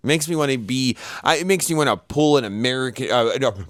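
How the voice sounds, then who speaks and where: A man co-hosting a podcast, chatting casually with lots of fillers and an animated delivery. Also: medium pitch, fairly quick, no room sound, clean studio sound. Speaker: podcast co-host. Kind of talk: casual chat.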